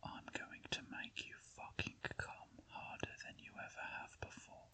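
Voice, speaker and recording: A man playing a calm, controlling male lover in an audio story, speaking softly and unhurried. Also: deep voice, a little hiss or hum. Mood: whispered.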